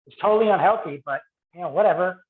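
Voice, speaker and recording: A man co-hosting a podcast, chatting casually with quick asides and frequent laughs. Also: sits high, slight background noise. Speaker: podcast co-host. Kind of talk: casual chat. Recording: roomy, tinny phone-like sound.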